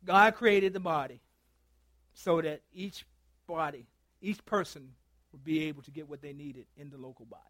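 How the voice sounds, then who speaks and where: High-voiced preacher, dry close sound. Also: male voice, dry recording. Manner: storytelling, acts out both sides of a phone call; swings from loud to hushed, drawn-out phrases. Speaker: pastor. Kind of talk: sermon. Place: church.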